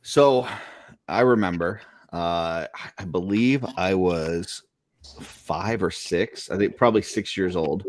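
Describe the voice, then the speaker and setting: A man's voice: low-pitched, takes it slowly, dry recording. A man hosting a podcast, telling a childhood story in a laid-back way and laughing as he goes. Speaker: podcast host. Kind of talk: casual chat, anecdote.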